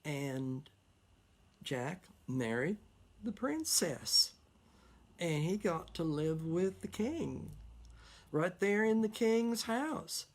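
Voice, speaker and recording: A woman's voice: lowish voice, very animated, very slow, pauses often, darkish tone. A woman telling a folktale, with a drawling, repetitive rhythm and plain country phrasing. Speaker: storyteller. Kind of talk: folktale storytelling.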